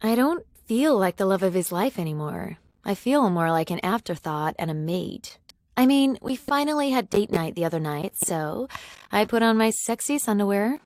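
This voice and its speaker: A woman's voice: mid-range voice, no echo, natural voice. A woman voicing a frustrated married female friend who complains about her husband.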